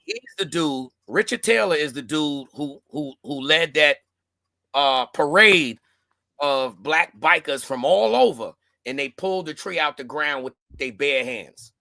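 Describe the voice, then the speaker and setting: A middle-aged podcast host with a fairly high, gravelly, sharp-toned voice speaks expressively and a little slowly in laid-back, slangy casual chat, often repeating words. The sound is clean studio audio with no echo.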